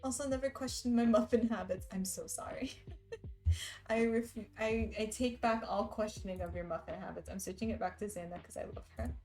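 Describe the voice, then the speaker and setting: A woman streaming live, chatting loosely and giggling between remarks as she answers her viewers. Her voice sits at an ordinary middle pitch for a woman. Soft music plays quietly behind her. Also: fairly quick. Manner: giggly, chatty, reads chat aloud. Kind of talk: casual live-stream chat.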